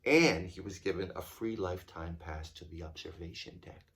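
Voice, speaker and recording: A man, a tour guide, telling a story to his children at home in a playful, animated way. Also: low voice, normal speed. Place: home during lockdown.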